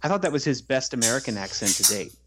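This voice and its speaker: A man co-hosting a casual podcast about movies, animated and quick to act out scenes in funny voices. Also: mid-range voice, very noisy. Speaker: podcast co-host.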